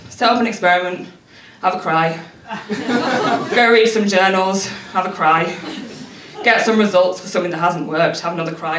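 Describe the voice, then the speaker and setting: A woman's voice: mid-range voice, fairly bright tone, a little hiss or hum. A woman telling a self-mocking stand-up story, laughing through her lines. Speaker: stand-up comedian, PhD student. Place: stage at a comedy night before a live audience. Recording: roomy venue, distant mic, audience laughter.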